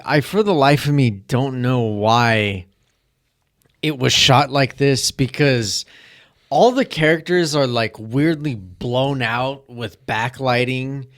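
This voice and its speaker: A young man co-hosting a podcast, giving an emphatic, deliberate film critique in casual chat. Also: mid-range voice, no echo, clean studio sound. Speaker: podcast co-host.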